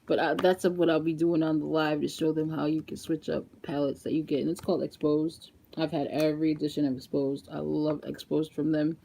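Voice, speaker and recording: Chatty low-voiced woman vlogging about makeup. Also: a little fast, gravelly, hardly any pauses, slight background noise. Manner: chatty and animated, laughs often, talks straight to viewers. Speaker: beauty vlogger. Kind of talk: casual makeup vlog chat.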